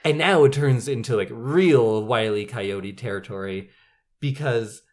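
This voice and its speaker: A podcast co-host chatting casually about a movie, with wry deadpan asides. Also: mid-range voice, a little slow.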